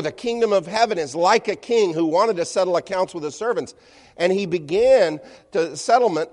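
A man preaching a sermon. He talks with animation and swings between loud, stretched phrases and quiet, almost hushed asides. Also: medium pitch. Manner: animated, rising and dropping to near whispers for emphasis. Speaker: pastor. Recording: long hall reverb.

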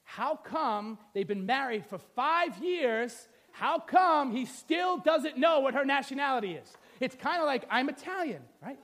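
A man's voice: very high-pitched, expressive, a little slow, few pauses, a bit bright. A middle-aged male pastor preaching a sermon, telling the story with playful asides and acting out the scenes.

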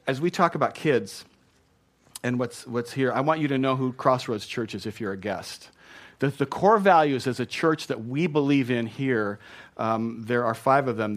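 A man in his thirties, a pastor, preaching a sermon in an earnest, emphatic way and often repeating words. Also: mid-range voice. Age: 30s.

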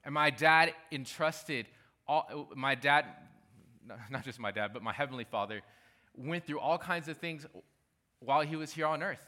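Delivering a sermon at a slightly slow pace, a male pastor stresses his points and keeps returning to repeat the main lines. He has a forceful, bright voice pitched a little high for a man.

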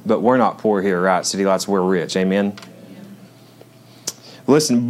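A man's voice: mid-range voice, a little fast, a little mellow. A male pastor giving a sermon, conversational and joking with the congregation, then reading scripture with rising emphasis.

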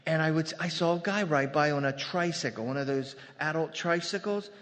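A man's voice: on the high side, a little fast, fairly bright tone. A man preaching a sermon in a loose, conversational way, breaking off into humorous asides before returning to his point. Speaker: pastor. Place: church sanctuary. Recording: long hall reverb.

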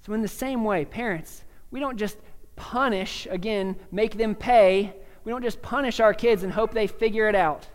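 A young man preaching a sermon as pastor, speaking earnestly and conversationally, with restarts and soft laughs. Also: sits high, normal speed, clean tone, in a large hall.

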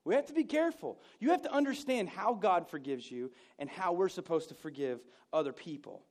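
A man preaching a conversational sermon, self-mocking, with loud emphatic bursts and hushed asides. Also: high-pitched, expressive, fairly quick.

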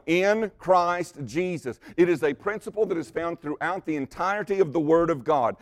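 A male preacher delivering a sermon in a voice pitched a little above the usual for a man. He builds to loud, emphatic declarations, then drops to quiet, soft asides.

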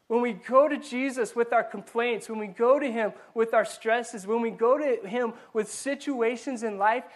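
A man giving a conversational sermon to a live congregation, animated and questioning the audience, often stumbling and repeating words. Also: extremely high pitch. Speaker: pastor. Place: church before a live congregation.

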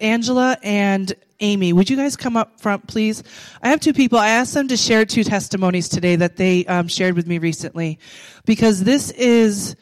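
Pastor, casual inviting intro, mid pitch, dry sound. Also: dry recording, low-quality recording. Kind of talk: sermon introduction.

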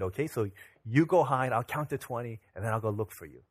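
A man in his thirties, a pastor, preaching a sermon that opens with a lively family anecdote, acting out the dialogue in it. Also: medium pitch, brisk, husky. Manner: animated, acts out dialogue in anecdotes. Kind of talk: sermon with storytelling.

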